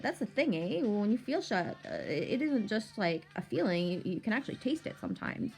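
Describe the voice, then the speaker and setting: A woman's voice: medium pitch, lively intonation, normal speed, darkish tone, slightly rough, faint music behind. A woman telling a rambling personal story in a casual vlog, swearing freely and talking animatedly.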